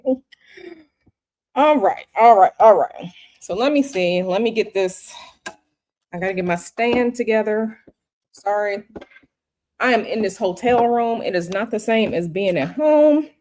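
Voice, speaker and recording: A woman's voice: medium pitch, measured pace, darkish tone, a little hiss or hum. A woman hosting a tarot livestream from a hotel room, talking casually and chattily to her viewers and repeating herself often. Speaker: tarot reader and livestream host.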